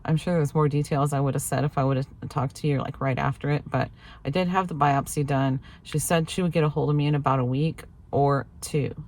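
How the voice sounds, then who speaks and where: Chatty woman vlogger with a low voice. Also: fairly even intonation, fairly quick, a little mellow, slight background noise. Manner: chatty storytelling, acts out quoted lines, laughs often. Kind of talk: casual chat to camera.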